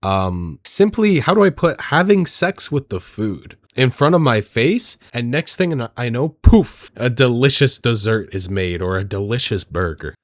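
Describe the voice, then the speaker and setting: A man's voice: medium pitch, lively intonation, measured pace, few pauses, dry recording. A man giving comedic reaction commentary on videos, joking and mock-outraged.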